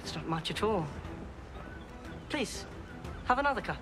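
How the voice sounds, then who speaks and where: A man's voice: high voice, expressive, unhurried, music in the background. A young actor playing a cruel boy king, speaking with a posh southern English accent in a sneering, mock-generous way. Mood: mock hospitality.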